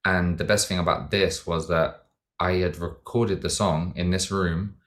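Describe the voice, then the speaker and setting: A man speaks as a podcast guest in a very deep, low voice. He talks in a reflective, meandering way, circling back and restarting his thoughts with plenty of fillers. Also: steady tone, a little slow, a bit bright. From Britain. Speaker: podcast guest, dancer and singer. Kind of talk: casual interview chat.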